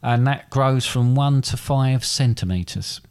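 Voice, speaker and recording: A man in easy, casual conversation, drifting through his thoughts with stops and restarts. He pokes fun at himself in a plain, mid-pitched voice. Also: slow pace, a little mellow, clean tone. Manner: rambling, self-deprecating, hesitant restarts. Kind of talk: casual chat.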